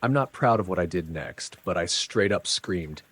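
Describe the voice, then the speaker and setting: A man's voice: low-pitched, lively intonation, moderate pace, fairly bright tone, breathy edge, no echo. A man narrating a first-person story in a dramatic, conversational way with casual asides.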